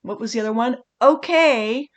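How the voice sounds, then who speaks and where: This recorded online lecture comes from a female speech instructor with a fairly high pitch and a moderate pace. Her delivery is animated and chatty, and she often fixes her wording mid-sentence.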